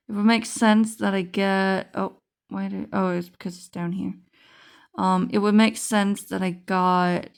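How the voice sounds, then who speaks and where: A woman's voice: medium pitch, creaky, darkish tone. A woman chatting casually as she opens a trading card pack, thinking aloud with many fillers and restarts. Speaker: card game vlogger. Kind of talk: casual unboxing chat.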